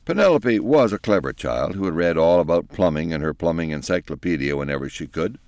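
A man with a low, deep voice narrates a storybook aloud. His reading swings widely in pitch, and the sound is close and dry. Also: fairly quick, no echo. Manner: expressive, animated reading.

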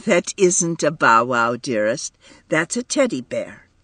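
Male narrator as a doting young mother in a storybook: soft, coaxing, a little breathy. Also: very deep voice, very animated, slow pace, dry recording, studio quality, heavily acted. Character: fond young mother, doting then embarrassed.

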